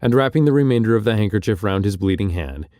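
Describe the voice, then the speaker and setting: A man narrating an audiobook in a measured, expressive literary reading style. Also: fairly low pitch, dry recording, clean studio sound.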